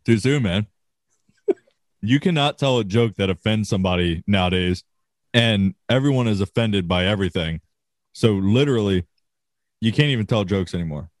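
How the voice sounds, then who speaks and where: A man's voice: on the low side, moderate pace, pauses often, no echo, clean studio sound. A man co-hosting a casual podcast, sarcastic and ranting with plenty of swearing. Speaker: podcast co-host.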